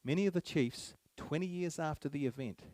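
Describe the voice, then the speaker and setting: A man's voice: a little high, fairly quick, a little mellow, dry recording. A man giving a public speech to a live audience, emphatic, repeating key phrases and firing rhetorical questions at the crowd. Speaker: speaker at a public meeting.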